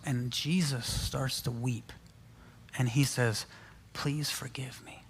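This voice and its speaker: A man telling a personal story in a sermon, slow and tender, dropping to a whisper for quoted words. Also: mid-range voice, slight background noise.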